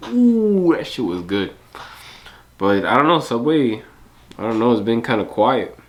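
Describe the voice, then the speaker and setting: A man's voice: mid-range voice, sing-song, measured pace. A man reacting to a video, chatting casually in laid-back slang and saying "bro" a lot.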